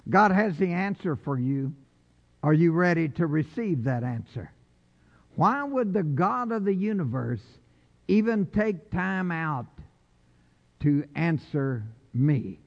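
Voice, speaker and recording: A male pastor delivers a sermon in a high, unhurried voice, leaning into his key words with a folksy touch. The recording is dull and lo-fi, with a long reverb from the church sanctuary. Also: expressive. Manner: folksy, slows down for emphasis.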